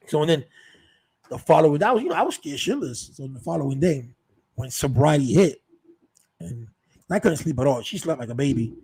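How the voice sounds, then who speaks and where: A man's voice: fairly high pitch, expressive, a little fast, darkish tone, slightly rough, low-quality recording. A man telling a rambling, profane story in a casual monologue, full of restarts and repeated words. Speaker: show host telling stories.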